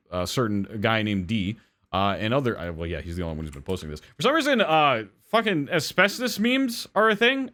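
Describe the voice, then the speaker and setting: Lively, rambling male podcast host. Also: mid-range voice. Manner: rambling, swears, self-deprecating. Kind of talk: casual live-stream podcast chat.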